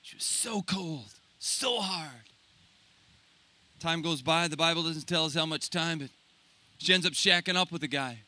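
A man preaching, retelling a scripture story dramatically, swinging between loud and hushed. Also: a little high, unhurried, no room sound. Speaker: pastor.

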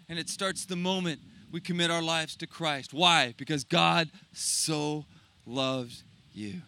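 A man preaching a sermon, impassioned at times and dropping to soft, slow, intimate tones on key phrases. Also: high voice. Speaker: pastor.

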